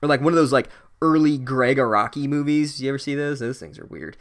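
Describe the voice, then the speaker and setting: Sweary sarcastic guy doing a comedy book recap, mid-pitched ordinary voice. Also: brisk. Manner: profane, sarcastic.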